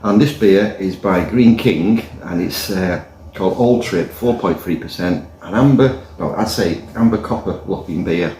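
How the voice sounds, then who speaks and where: This man's voice is low and mellow, and he takes his time, offering a casual, joke-filled review of a pint while rambling on. He's in a pub by the fire, with roomy echo and a little hiss or hum on the recording.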